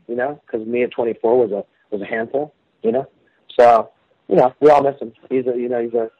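A man's voice: mid-range voice, husky, dry recording. A man, a rock singer, telling stories in a rambling, casual way, with many fillers and restarts. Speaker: rock singer, interview guest. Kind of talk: casual phone interview. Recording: dry tinny phone line.

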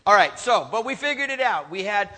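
A middle-aged man with a high, bright voice tells a shared story to an audience. He jokes at his own expense and laughs often. A long hall reverb trails his words. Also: animated, a little fast. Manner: joking, self-mocking, laughs often. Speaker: husband telling a couple's story.

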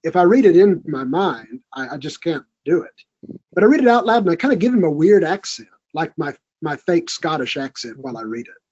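A man's voice: a little high, very animated, fairly quick, a little mellow, husky, muffled recording. A man speaking as a guest in a studio conversation, earnest and encouraging. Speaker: podcast guest. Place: recording studio.

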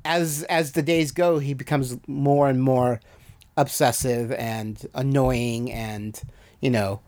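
A man's voice: medium pitch, fairly even intonation, slow, darkish tone. A man hosting a podcast, talking through a TV episode in casual, rambling chat full of fillers. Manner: rambling, many "you know" fillers. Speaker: podcast host reviewing a TV episode.

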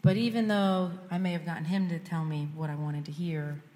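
A woman's voice: fairly low pitch, fairly even intonation, a little fast, mellow. A woman speaking at church, giving a candid personal testimony that builds to fervent prayer. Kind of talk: sermon testimony. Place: church sanctuary. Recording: long reverb of a church hall.

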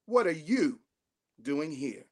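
A bishop preaches with a high voice and a Southern Black way of speaking. He builds phrases up to near shouts, then sinks into soft, slow repeats so his listeners answer him. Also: very animated. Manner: call-and-response preaching, rising to shouts then dropping to hushed tones. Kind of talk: sermon.

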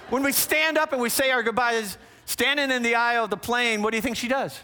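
Man, relationship teacher, high voice, bright tone, lively storytelling, talks straight to the crowd. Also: brisk, few pauses, a little hiss or hum. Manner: animated, conversational, frequent asides to audience.

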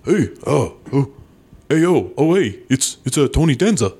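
A man doing a loud, goofy impression of a brash male celebrity actor, shouting catchphrases. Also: mid-range voice, big pitch swings, moderate pace, slightly rough, pitched above the performer's own voice. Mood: boisterous.

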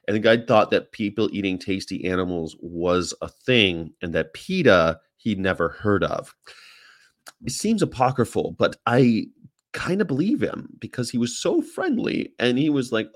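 Speaking in a lowish, very animated voice at a moderate pace, this man is a vegan activist from Charlotte, North Carolina having a casual chat. He curses freely and mimics people for laughs, and the studio-quality recording has no echo.

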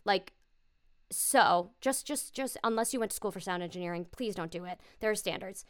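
A woman in her forties, a voiceover actor, giving emphatic and animated advice in a casual interview. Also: medium pitch, normal speed.

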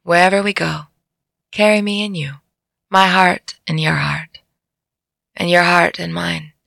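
A woman voicing a blunt, stubborn young heroine in a spoken fantasy story, with a gravelly voice. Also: lowish voice, steady tone, unhurried, fairly bright tone, no room sound, studio quality, heavily acted. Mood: tender.

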